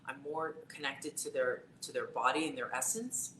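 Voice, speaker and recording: On a casual live stream, a woman who works as a psychic tarot reader shares a personal story in a chatty, filler-laden way. Her very deep voice is steady, bright and forceful, at a normal speed. The sound is roomy and echoey with faint background noise.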